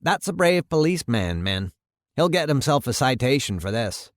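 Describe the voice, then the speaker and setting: Man doing rural American accent, folksy talkative country man, raised pitch, drawling, dry sound. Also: very animated, normal speed, dry recording, lightly acted. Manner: drawling, homespun talk. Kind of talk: dramatic reading of a radio play.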